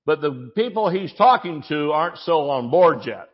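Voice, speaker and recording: A male pastor delivering a sermon in a loose, chatty way, stumbling over restarts and breaking into jokes. His voice sits a little higher than most men's, and the recording sounds dull and muffled. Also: expressive, moderate pace. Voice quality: conversational, joking, many restarts.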